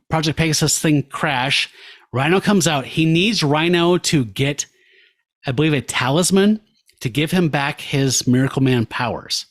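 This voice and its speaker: A man's voice: fairly high pitch, fairly bright tone. A man co-hosting a podcast, casually retelling a comic story and acting out its characters' lines with laughs. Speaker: podcast co-host. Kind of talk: casual comic recap chat.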